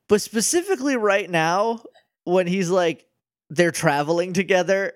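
Male podcast co-host, slightly high voice, playful joker, dry close sound. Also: no room sound. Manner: playful and quick to joke, with bursts of excited pitch. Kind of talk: casual chat.

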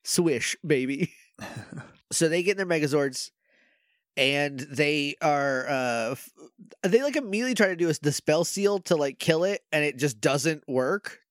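A man chatting on a podcast with a lively, swooping voice that leaps up when he gets excited. He jokes constantly and acts out scenes in goofy voices. The recording is close and dry, with no room sound. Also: fairly high pitch, measured pace, no room sound. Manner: animated, jokey, acts out scenes in silly voices. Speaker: podcast co-host. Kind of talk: casual recap chat.

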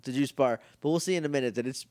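A man's voice: medium pitch, dry recording, clean studio sound. A man co-hosting a podcast, recapping a show in casual chat, talking animatedly with many "like" fillers. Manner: animated, quick, lots of "like" fillers. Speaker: podcast co-host.

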